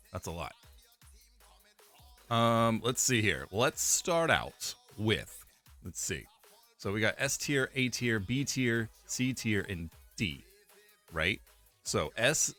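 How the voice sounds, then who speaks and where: Young male streamer, casual, rambling, slow delivery over faint music. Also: fairly low pitch, sharp tone. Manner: rambling, repeats himself, frequent laughs and fillers. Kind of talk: casual live-stream chat.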